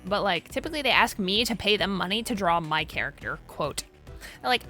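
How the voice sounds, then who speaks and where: A woman's voice: mid-range voice, expressive, brisk, a bit bright. A young woman streaming, chatting crudely with her chat, rambling and laughing as she goes. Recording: music playing behind.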